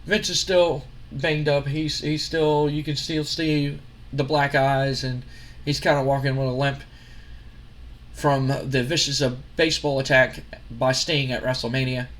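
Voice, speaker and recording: A man's voice: mid-range voice, little pitch movement, a little slow. A man hosting a gaming video, narrating a recap casually with some restarts.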